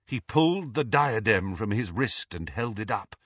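A man giving a dramatic, expressive audiobook narration. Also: lowish voice, moderate pace, hardly any pauses, slightly rough, dry recording, highs cut off. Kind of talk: scripted narration.

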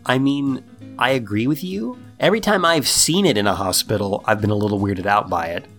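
A man casually recapping a TV episode for a podcast, acting out the characters in high, excited voices. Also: normal speed, soft background music. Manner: animated storytelling, acts out characters in high voices. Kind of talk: casual chat.

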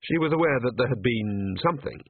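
A man's voice: mid-range voice, lively intonation, a little fast, slightly rough, no room sound. A man narrating an audiobook with wry, dry storytelling, on a tinny phone-like recording.

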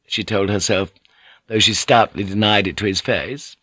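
Man reading a novel, bright clear tone, totally dry studio sound, measured. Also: fairly low pitch, steady tone, no room sound. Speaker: audiobook narrator. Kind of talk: scripted audiobook narration.

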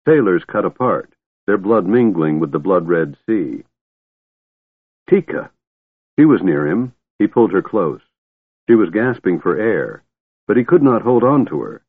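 Deep husky guy reading a fantasy audiobook, dramatic, sounds like through a phone. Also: dry recording. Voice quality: intense, dramatic delivery. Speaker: audiobook narrator. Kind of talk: dramatic scripted narration. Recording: tinny phone-like dry sound.

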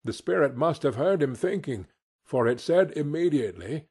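A man narrating an audiobook in expressive, unhurried scripted narration. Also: on the high side, husky.

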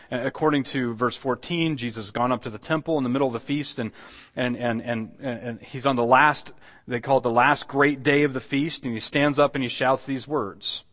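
A man's voice: mid-range voice, fairly even intonation, normal speed, fairly bright tone. A man preaching a sermon as pastor, conversational and earnest, asking the congregation rhetorical questions. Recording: long hall reverb.

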